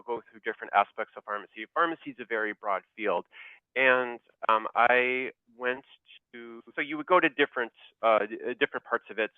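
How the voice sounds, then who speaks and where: A male clinical pharmacist telling his story as an interview guest, halting with many fillers and restarts, laughing through the funny parts. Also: mid-range voice, smooth, no echo. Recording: tinny phone-like dry line.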